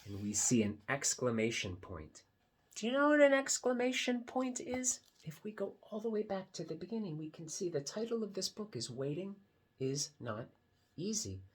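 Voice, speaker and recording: A man reading a picture book aloud to children, gently explaining what is on each page. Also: sits high, sing-song, normal speed, slightly rough. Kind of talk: read-aloud storytime for kids.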